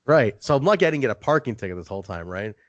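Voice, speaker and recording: A man's voice: medium pitch, very animated, racing, no echo, lo-fi sound. A young man hosting a casual podcast, swearing loosely and acting out both sides of his own stories. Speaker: podcast host.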